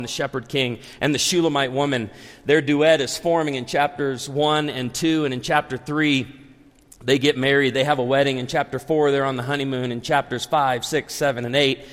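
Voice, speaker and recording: A man in his forties, a pastor, preaching a sermon with animated, humorous storytelling. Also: mid-range voice, big-room sound. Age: 40s.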